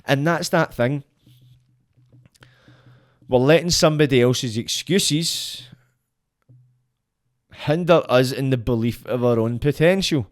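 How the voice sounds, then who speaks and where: Guy on a podcast, blunt and sweary, preaching at you, mid pitch. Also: takes it slowly, pauses often. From Scotland. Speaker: podcast guest. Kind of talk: rambling motivational monologue.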